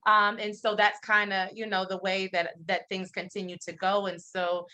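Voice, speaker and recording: A middle-aged woman, a guest in a casual interview, telling a personal story in an animated, candid way, often pausing on "um". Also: medium pitch. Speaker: interview guest, company founder.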